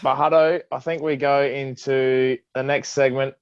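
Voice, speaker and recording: A man's voice: medium pitch, little pitch movement, a little slow, clear, resonant tone, dry recording. A man introduces podcast segments loosely, with plenty of fillers. The recording is dry and a bit dull. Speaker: podcast co-host. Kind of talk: casual podcast hosting.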